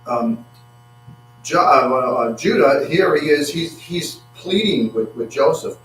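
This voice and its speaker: A man preaching a sermon, halting and repeating words, acting out quotes with rising excitement. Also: medium pitch. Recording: echoey room from far off with faint hum.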